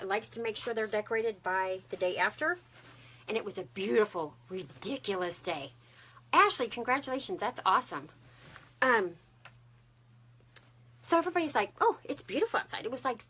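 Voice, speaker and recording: Woman in her fifties, chatty craft live-streamer, bright voice, a bit husky. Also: fairly high pitch. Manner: bubbly, talkative, greets viewers by name. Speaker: craft livestream host.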